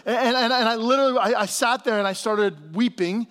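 A man in his fifties preaching a sermon, lively and conversational, calling out to the congregation and dropping to a hushed voice for emphasis. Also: extremely high pitch, brisk. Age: 50s. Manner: animated preaching, drops to soft hushed tones for emphasis; calls out to the congregation for responses. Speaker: pastor.

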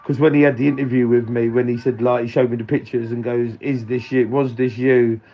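A man's voice: mid-range voice, flat delivery, fairly quick, breathy edge, muffled recording. A man phoning in a rambling, profane story and laughing as he talks. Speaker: caller. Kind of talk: casual phone-in story.

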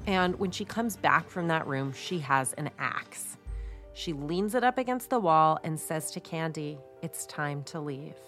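Woman, low voice, chatty true-crime storytelling, faint music behind. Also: animated, a little slow, a bit bright. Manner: chatty, with many "like" fillers. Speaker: podcast co-host.

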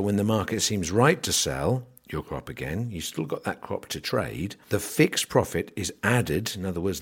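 Male podcast host, very low voice, dry sardonic explainer. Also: husky. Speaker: podcast host on grain marketing.

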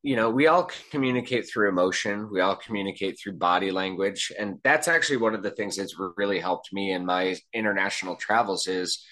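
A man's voice: sits low, brisk, few pauses, sharp tone. A man speaking as an interview guest about communication, reflective and thinking aloud with frequent restarts. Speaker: guest, behavior and body language trainer. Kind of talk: conversational interview.

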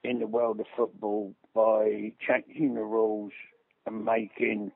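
A man with a halting, rambling manner, giving a phone interview about football. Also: lowish voice, level tone, creaky, breathy edge, no room sound. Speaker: football club manager interviewee. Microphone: phone line. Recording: tinny phone line.

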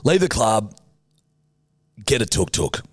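A man's voice: fairly low pitch, takes it slowly, slightly rough, dry recording. Sweary Australian man spinning a yarn. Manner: animated, sweary storyteller. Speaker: podcast co-host. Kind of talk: casual storytelling chat.

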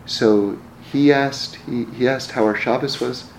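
Man, mid-pitched, relaxed storyteller who stumbles and restarts, recorded in a roomy space with faint background hum. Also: measured pace. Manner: repeats words in restarts, chuckles at his own stories. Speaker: speaker telling personal stories. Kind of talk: casual storytelling talk. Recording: roomy echo, faint ambience.

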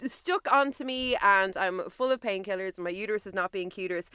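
A woman's voice: medium pitch, fairly even intonation, brisk, bright, forceful tone, clean tone, dry recording, studio quality. A woman co-hosting a podcast in casual chat, talking freely and laughing often, feeling emotional. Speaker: podcast co-host.

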